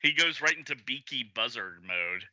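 A man co-hosting a podcast in casual chat, tossing off quick joking asides. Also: mid-range voice, lively intonation, bright, forceful tone, no echo. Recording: dry, dull lo-fi sound.

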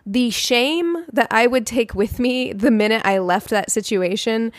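A woman's voice: on the high side, dry recording. Thoughtful young woman podcast co-host, dry sound. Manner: thoughtful, measured, with fillers. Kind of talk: casual podcast chat.

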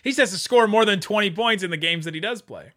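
A man co-hosting a podcast, talking sports bets in an excitable, joking way. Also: high voice. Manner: excitable, quick to joke and laugh. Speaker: podcast co-host. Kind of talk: casual sports chat.

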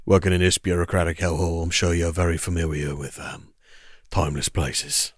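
A man playing a tabletop character, dropping sardonic remarks in a very deep voice. The sound is dry and close. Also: steady tone, a little fast, dry recording. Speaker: player.

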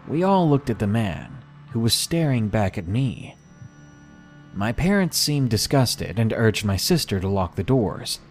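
A man narrating a scary first-person story for a podcast, measured and deliberate. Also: fairly low pitch, big pitch swings, a little mellow, soft background music. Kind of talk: scripted horror story narration.

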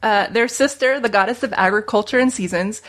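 A woman's voice: mid-range voice, a little fast, fairly bright tone. A woman reading her own pun-filled story of the gods aloud to friends and laughing at her own jokes. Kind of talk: casual chat, reading puns aloud.

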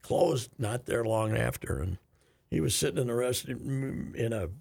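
Gravelly minnesota guy rambling on sports radio, voice swings all over, lots of uh and laughing. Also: mid-range voice, expressive, a little slow, darkish tone. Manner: rambling storyteller, frequent "uh" restarts, bursts of laughter. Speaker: radio co-host. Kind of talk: casual chat.

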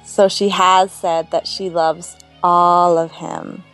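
A woman co-hosting a podcast, giving her take in animated, opinionated casual chat and quoting characters' lines. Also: on the low side, slow pace, soft background music. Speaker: podcast co-host.

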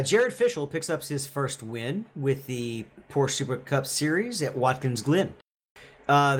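A man co-hosting a podcast who reads a racing news segment casually and adds personal asides. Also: medium pitch. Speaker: podcast co-host.

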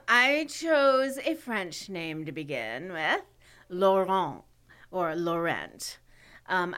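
A woman's voice: on the low side, a bit bright, clean tone. A middle-aged woman co-hosting a podcast in casual chat, playful and teasing, laughing often. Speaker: podcast co-host.

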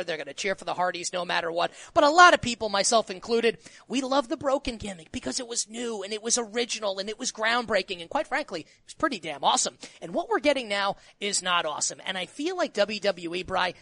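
A man's voice: high-pitched, creaky, sharp tone, dry recording. A man co-hosting a casual podcast, ranting animatedly and filling his talk with "like" and "who cares". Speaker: podcast co-host. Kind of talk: casual wrestling podcast chat.

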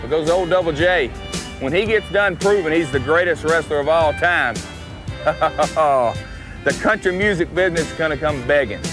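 A man's voice: on the high side, moderate pace, pitched above the performer's own voice, lightly acted. A man with a Tennessee twang playing a cocky young wrestler who dreams of being a country star, in an archival promo vignette. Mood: gloating. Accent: Southern US, Tennessee. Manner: boastful, sneering, twangy drawl. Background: country guitar music.

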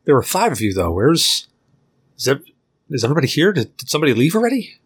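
A man voicing a gentle elf doctor. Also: mid-range voice, very animated, fast talker, slightly rough. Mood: reassuring. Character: kindly, well-dressed male elf doctor.

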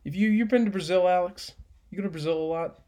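A man co-hosting a casual chat podcast, swearing, teasing and talking with animated energy. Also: sits high, fast. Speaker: podcast co-host.

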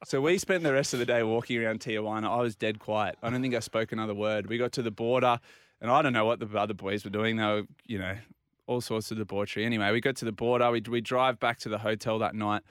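An Australian man telling a long, animated anecdote on a casual talk show and acting out the other people's lines. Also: lowish voice, quick pace, clear, resonant tone, dry recording, studio quality. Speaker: regular guest. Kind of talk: casual storytelling.

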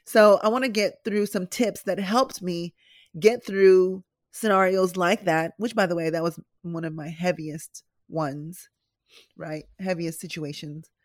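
Woman, middle-aged, podcast host, somewhat low voice, chatty and direct, dry close sound. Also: steady tone, unhurried, no echo. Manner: chatty, direct, speaks to listeners as "y'all". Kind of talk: candid personal podcast talk.

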